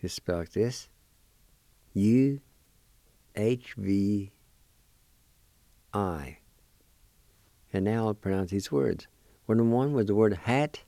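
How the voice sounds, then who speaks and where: A man hosting a language lesson, patiently spelling out words letter by letter and pronouncing each one slowly. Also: fairly low pitch, vocal fry, dark tone, dry recording. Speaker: language teacher and radio host. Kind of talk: slow spelling and pronunciation lesson.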